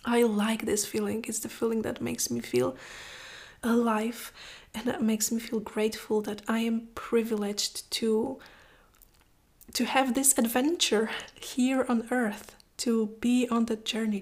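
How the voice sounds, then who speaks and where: A woman speaking in a heartfelt, reflective personal monologue, often dropping to a soft whisper and moved to tears. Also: fairly high pitch. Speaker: vlogger.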